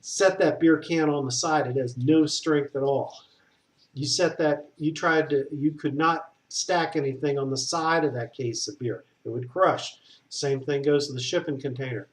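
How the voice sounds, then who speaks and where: A man's voice: fairly high pitch, normal speed. A man, a structural engineer talking bluntly and digressively in a casual explanatory monologue. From Southern US.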